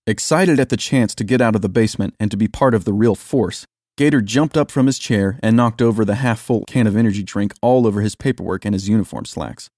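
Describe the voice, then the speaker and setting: A man reading a story aloud in steady, even scripted narration. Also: lowish voice, brisk, no room sound, clean studio sound.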